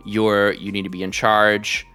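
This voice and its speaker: Deep-voiced woman game master. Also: unhurried, clear, resonant tone. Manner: chatty, relaxed narration with many fillers. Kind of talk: narrating a tabletop game.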